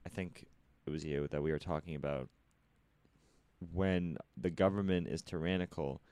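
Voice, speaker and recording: A podcast host with a very low voice, talking casually and musing through ideas. The sound is dry and close to the mic. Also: male voice, fairly even intonation, normal speed, darkish tone, clear, resonant tone, dry recording. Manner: musing, speculative. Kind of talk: casual conversation.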